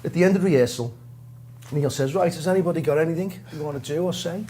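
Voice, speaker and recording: A man from Liverpool with a Liverpool accent, a guest drummer telling a lively, self-mocking story in an interview. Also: on the high side, fast, slight background noise. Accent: Liverpool English. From Liverpool, England.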